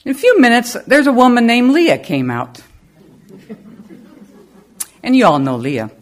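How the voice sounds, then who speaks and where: A woman in middle age speaks to her congregation at a slow, deliberate pace. Her voice rises and falls in wide, animated swings as she tells her stories. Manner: lively storyteller with animated pitch. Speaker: service leader. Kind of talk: spiritual talk to a congregation.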